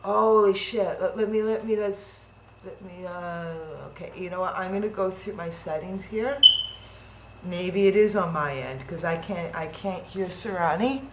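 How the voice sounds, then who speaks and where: A woman hosting an online live-streamed event speaks in a lowish voice at a measured pace. Chatty but flustered by video call problems, she thinks aloud and keeps restarting, heard with a roomy echo and faint noise.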